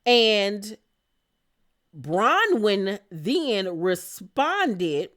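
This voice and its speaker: Sassy and animated, a woman recaps a reality TV episode in casual commentary, laughing and exclaiming throughout. Her voice sits at a medium pitch and she talks very slowly.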